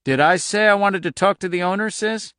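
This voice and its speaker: A man's voice: sits high, a little fast, sharp tone, smooth, no room sound, studio quality, pitched above the performer's own voice. A man voicing a menacing, bullying male federal agent who taunts and threatens.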